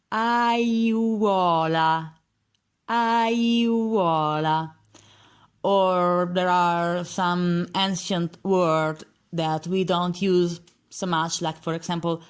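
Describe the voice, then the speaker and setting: Female language teacher with an Italian accent, a slightly low voice and a very slow, patient delivery. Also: smooth. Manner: patient, repeats each word several times. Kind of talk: language lesson, repeating words slowly.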